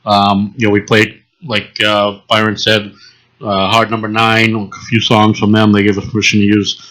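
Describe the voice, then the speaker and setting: A man with a Boston accent co-hosting a casual podcast, talking haltingly with lots of fillers. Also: fairly low pitch, completely flat delivery, fairly bright tone, low-quality recording. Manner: hesitant, lots of uh and um. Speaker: co-host.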